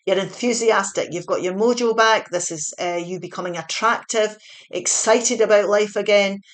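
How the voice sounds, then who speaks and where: A woman talks through a tarot reading month by month. She sounds chatty and reassuring, with a mid-pitched voice, and she pauses to correct her own slips before carrying on. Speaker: tarot reader.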